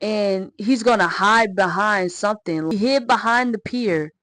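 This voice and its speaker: A woman chatting through a story time vlog in a slangy, excitable way. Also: medium pitch, unhurried, no room sound, low-quality recording.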